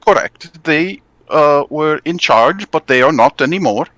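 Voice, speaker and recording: A man's voice: a little high, lively intonation, a bit bright, dry recording, voice pushed up. A man doing Harshnag, a Canadian frost giant. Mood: earnest. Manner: halting and formal, with many pauses and "uh"s. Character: huge male frost giant, earnest and slow-spoken.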